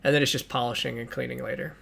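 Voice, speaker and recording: A man's voice: medium pitch, flat delivery, rapid-fire, vocal fry, fairly bright tone, slightly rough. A man narrating as game master of a tabletop game, in a loose, hesitant way with fillers.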